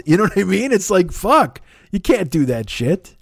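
Guy ranting angry and sarcastic, swears nonstop, pretty high voice, dry close sound. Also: expressive, brisk, dry recording. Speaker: podcast host. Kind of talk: profane comedic rant.

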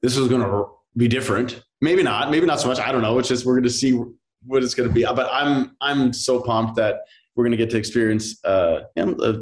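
A man in his thirties, a soap actor as an interview guest, talking in a relaxed, rambling way with many fillers and quoted asides. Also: mid-range voice, fairly quick. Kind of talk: casual interview chat.

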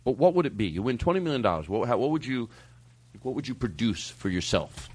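A man's voice: medium pitch, very animated, fast, a little mellow, slight background noise. A man hosting a podcast in casual chat, joking and rambling with self-mocking asides. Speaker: podcast host.

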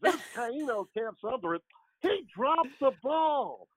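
A man's voice: extremely high pitch, sing-song, slow pace, slightly rough, no echo, voice pushed up, heavily acted, low-quality recording. A man doing an impression of an older male baseball announcer with a slurred, drawling delivery.

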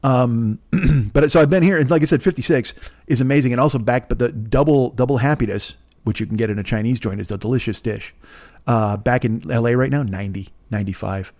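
Fifties guy doing his podcast solo, smooth voice, swearing a lot, rambling and sarcastic. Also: medium pitch, fairly quick. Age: 50s. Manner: profane, animated storytelling with sarcastic asides. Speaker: podcast host. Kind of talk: casual rambling monologue.

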